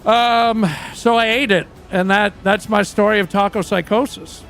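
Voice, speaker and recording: A man's voice: high voice, fairly even intonation, normal speed, creaky, fairly bright tone, slight background noise. A man playing a crude, boastful aging rock singer who tells rambling, profane stories in a role-play livestream.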